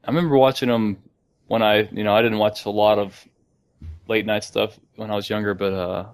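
A man hosting a podcast in casual chat, gone hoarse from laughing so much. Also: lowish voice, flat delivery, brisk. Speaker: podcast host.

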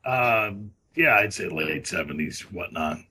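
A middle-aged man guesting on a podcast, talking in a loose comic way and breaking into cartoon impressions and shouts. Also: deep voice, lively intonation, measured pace, husky.

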